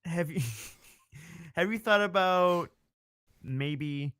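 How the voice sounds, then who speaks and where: A man's voice: fairly high pitch, pushed and bright, clean tone, no echo. Quizzing man, dry sound. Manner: quizzing, quick interjections. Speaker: podcast co-host. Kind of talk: casual conspiracy chat.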